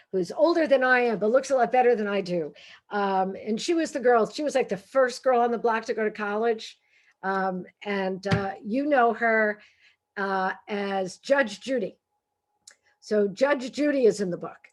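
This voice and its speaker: A middle-aged woman with a Brooklyn accent spins comic stories as an author and humorist. Her voice sits a little high and stays animated, full of asides. She is heard over a video call. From Brooklyn, New York. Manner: lively, animated, chatty with many asides. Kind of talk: comic storytelling talk.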